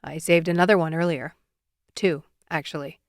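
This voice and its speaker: A steady, unflappable firefighter , voiced by a woman reading an audiobook, speaks low and quietly. His calm never wavers, and the sound is dry and close. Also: normal speed, no echo.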